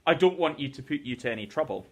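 A man voicing an eager, hesitant wealthy 1920s gentleman during a classroom read-aloud, coaxing and fond of saying "old sport". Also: fairly high pitch, animated, fast talker. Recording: teacher's recorded lesson video.

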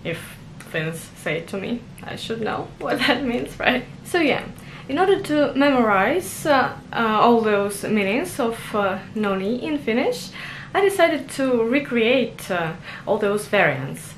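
In a casual vlog monologue about learning a language, a young adult woman comes across as self-conscious and giggly, full of fillers and restarts. Her voice sits on the high side, very animated, at a measured pace with few pauses and slight background noise.

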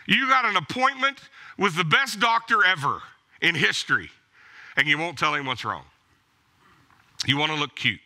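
A man preaching a sermon with a very bright, forceful tone and a high voice that swings widely in pitch. He exhorts his congregation emphatically, hammering points with blunt repeated commands. A pastor in full flow in his own church. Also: lively intonation, normal speed, creaky, pauses often.

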